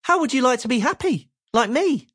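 A woman voicing a cheerful, friendly round little man who talks brightly and eagerly in a storybook reading. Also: high voice, animated, brisk, husky, no echo, clean studio sound, voice pushed up, exaggerated voice.

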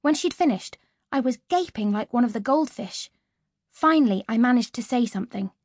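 A woman narrating an audiobook in the first person with a lively, expressive reading on a close studio mic. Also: on the high side, normal speed, no room sound.

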